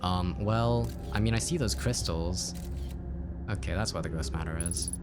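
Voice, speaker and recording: Man streaming a game, low voice, rambling jokey chat, music playing behind. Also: moderate pace. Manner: rambling, joking, reads chat aloud. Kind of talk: casual gameplay streaming chat.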